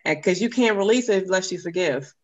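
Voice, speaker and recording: A woman guest on a podcast, a forgiveness coach, speaking earnestly and encouragingly and spelling details out slowly. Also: lowish voice, animated.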